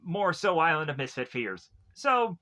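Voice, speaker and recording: A man's voice: on the high side, sing-song, measured pace, bright, forceful tone. A young man casually recapping TV episodes, rambling with many fillers and frequent chuckles. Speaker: TV show reviewer.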